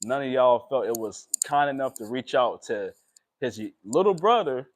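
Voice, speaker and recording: A young man, talking emotionally and haltingly in a personal vlog, with many pauses and fillers. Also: medium pitch, expressive, no room sound. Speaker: vlogger.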